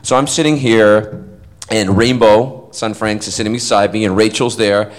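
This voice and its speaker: A man born in Scotland tells a rambling, animated anecdote to fans at a convention panel. He acts out the voices in his story and laughs often. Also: on the low side, normal speed, rough recording. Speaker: actor telling a story to fans.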